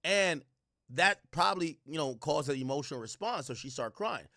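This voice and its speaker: Stream host, male, profane and incredulous, animated delivery with a dry sound. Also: fairly high pitch, normal speed, no room sound. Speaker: livestream host reading court testimony. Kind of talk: casual commentary livestream.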